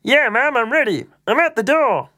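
A woman's voice: fairly high pitch, very animated, moderate pace, pushed and bright, voice pushed up. A woman voicing a flustered young schoolboy who stammers out hesitant excuses.

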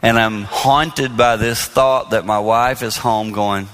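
A man's voice: on the low side, fairly even intonation, slow pace, few pauses, fairly bright tone, big-room sound. A middle-aged man preaching on marriage, telling stories with self-deprecating humor that turn earnest. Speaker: marriage speaker and minister. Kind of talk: storytelling sermon.

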